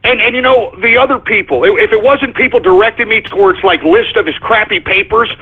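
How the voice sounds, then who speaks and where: A man's voice: sits high, fairly quick, husky. Angry sarcastic radio host guy going off on a rant, repeats himself a lot, tinny phone sound. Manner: combative, sarcastic, repetitive.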